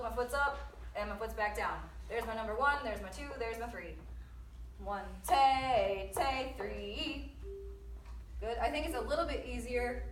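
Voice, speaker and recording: A woman's voice: a little high, reverberant, slight background noise. A woman teaching a percussion lesson, counting and singing rhythms aloud in an upbeat, breezy way.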